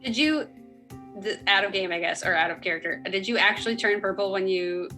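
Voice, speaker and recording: A playful woman joins a tabletop game, laughing easily between her lines. Her voice is bright and sharp, with faint music under it. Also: mid-range voice, fairly quick, poor audio. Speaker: player. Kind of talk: casual role-play chat.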